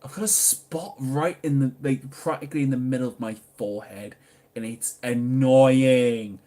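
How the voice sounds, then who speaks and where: A man's voice: mid-range voice, a little fast. Young geordie guy doing a livestream q&a, chatty and jokey, voice jumps all over. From Newcastle upon Tyne, England. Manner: chatty, jokey, reads chat aloud, bursts into loud excited exclamations. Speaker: YouTuber answering livestream questions. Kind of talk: casual livestream Q&A.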